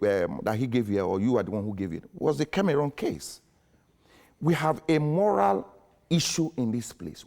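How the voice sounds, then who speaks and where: A man's voice: mid-range voice, vocal fry, darkish tone. Insistent male panelist from Nigeria. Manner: insistent, interrupts and repeats himself. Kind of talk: heated studio debate.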